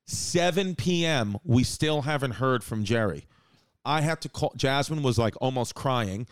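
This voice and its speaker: A man hosting a casual chat, telling stories in an animated way and acting out what people said. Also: medium pitch, a little slow, smooth, no echo. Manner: animated, acts out quotes.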